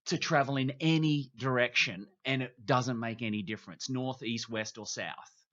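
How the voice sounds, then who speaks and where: An Australian man in his fifties, a TV presenter telling travel stories on a podcast in a lively, animated way, acting out the voices of people he quotes. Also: medium pitch, normal speed, highs cut off. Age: 50s. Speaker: guest, TV presenter. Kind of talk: casual storytelling.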